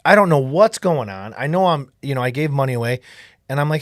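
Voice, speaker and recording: A man who makes documentaries, telling a story in an earnest, animated way in casual conversation. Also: medium pitch, brisk, dry recording, clean studio sound. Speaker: documentary filmmaker.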